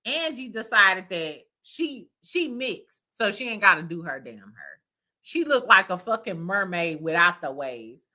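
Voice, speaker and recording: A woman's voice: mid-range voice, sing-song, unhurried, pushed and bright. A woman hosting a casual reality TV recap, with profane, laughing gossip. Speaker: host. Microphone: streaming mic.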